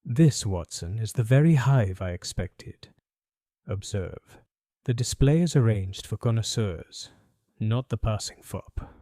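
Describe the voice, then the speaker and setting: A man playing a keen, cool-headed detective in an audiobook, speaking in a crisp, measured and probing way. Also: on the low side, lively intonation, dark tone, no room sound, clean studio sound. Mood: assured. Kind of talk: audiobook character voice.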